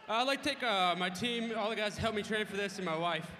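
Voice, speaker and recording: A man giving a quiet, brief, low-key post-fight interview. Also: fast, big-room sound, a little hiss or hum. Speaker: winning fighter.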